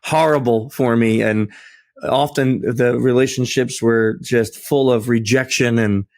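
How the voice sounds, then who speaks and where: Homem apresentador, fala hesitante e descontraída. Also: male voice, medium pitch, steady tone, a little mellow. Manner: rambling, halting, laughs along. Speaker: podcast host. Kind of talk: casual podcast conversation.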